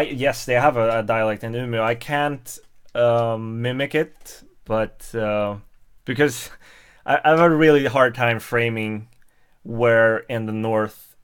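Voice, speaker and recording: With a smooth, mid-range voice, a man from Sweden hosts a casual livestream chat with viewers in his Swedish accent. His speech is hesitant, peppered with fillers and restarts.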